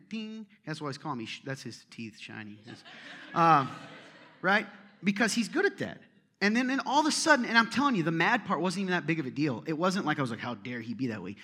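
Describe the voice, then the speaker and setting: A man preaching a sermon as pastor, telling a story with swings from loud exclamations to hushed asides. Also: on the high side.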